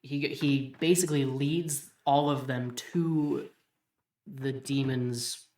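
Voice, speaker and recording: A man co-hosting a podcast, thinking aloud as he builds on a story pitch. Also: steady tone, slow pace, darkish tone, echoey room, far from the mic. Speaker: podcast co-host. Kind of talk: casual pitch brainstorming.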